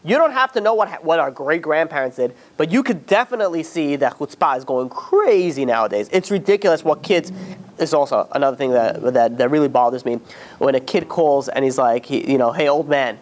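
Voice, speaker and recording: Fast-talking, exasperated man on a panel. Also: mid-range voice. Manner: animated, rambling, with many restarts and exasperated asides. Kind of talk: casual religious panel discussion.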